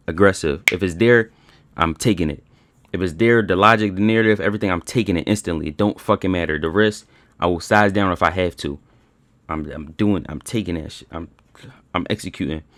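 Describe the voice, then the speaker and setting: A man's voice: low voice, a bit bright, no room sound. A young man recapping his trading day in a frustrated rant, swearing often and repeating himself. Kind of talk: frustrated screen-share rant.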